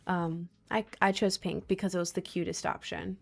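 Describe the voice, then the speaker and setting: A woman's voice: mid-range voice, expressive, normal speed, gravelly, few pauses, a bit bright, soft background music. A young American woman chatting casually on a live stream, answering chat with sarcastic jokes and frequent laughter. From United States. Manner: joking, sarcastic, laughs often.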